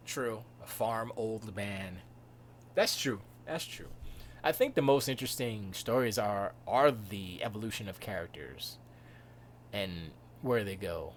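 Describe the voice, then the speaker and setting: A man's voice: fairly low pitch, measured pace, slight background noise. A man hosting a live stream, chatting casually in a rambling, joking way. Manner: rambling, joking, trails off into laughter. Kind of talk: casual chat.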